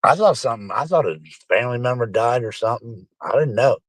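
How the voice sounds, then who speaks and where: A man's voice: mid-range voice, lively intonation, quick pace, no room sound. A middle-aged man, rambling casually and profanely to his live-stream chat, calling them folks.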